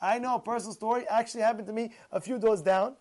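A man giving a casual storytelling sermon as a Torah teacher, animated and repeating phrases for emphasis. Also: sits high, fast talker.

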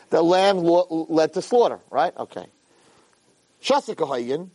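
A man, a rabbi, teaching a Torah class to a room of listeners, reading Hebrew source lines and translating them with lively asides. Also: a little high, moderate pace. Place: room with a live audience.

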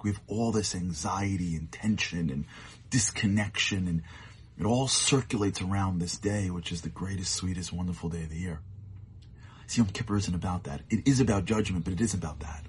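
A man giving a short, earnest sermon as a storyteller, sometimes dropping to hushed tones for emphasis. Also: low voice, moderate pace, slightly rough.

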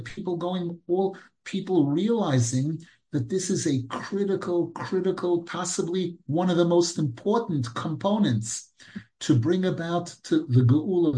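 A man teaching a Torah class as a rabbi, mixing Hebrew terms into English and rising to high, emphatic questions when he quotes. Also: darkish tone, low-quality recording. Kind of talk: animated Torah lecture.

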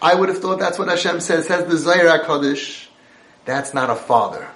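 A man's voice: a little high, expressive, normal speed, a bit bright, roomy sound. A man giving a Torah lecture as a parenting coach, talking emphatically and conversationally and repeating his points.

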